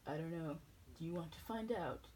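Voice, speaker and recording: A woman's voice: low voice, a little fast, warm tone, a little hiss or hum, low-quality recording. A woman from New England rambling through tangents in a casual chat. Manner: rambling, jumps between tangents.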